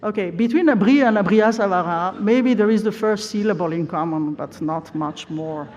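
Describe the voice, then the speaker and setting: A woman delivers an academic plenary lecture, explaining examples step by step. She often pauses on "uh" as she searches for words. Her voice carries a long reverb from a large hall. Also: mid-range voice, a little mellow, muffled recording. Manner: frequent uh hesitations, explanatory.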